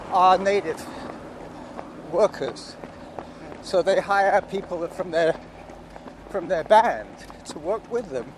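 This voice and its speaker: A man chatting casually on a run, explaining things as he goes, recorded outdoors beside a road. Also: high voice. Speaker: running companion. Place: outdoors by a road being paved. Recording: outdoor recording with loud traffic noise. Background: traffic and street ambience.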